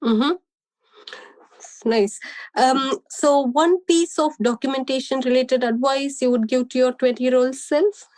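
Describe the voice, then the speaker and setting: A woman's voice: high-pitched, steady tone, a little slow, a little mellow. Upbeat woman podcast host. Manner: upbeat, short enthusiastic affirmations. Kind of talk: podcast interview hosting.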